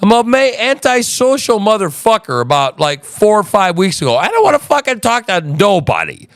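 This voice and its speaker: A man's voice: sits high, sing-song, normal speed, no echo, studio quality. A man hosting a podcast from his home in the woods, telling a rambling, profane story in casual chat. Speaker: podcast host.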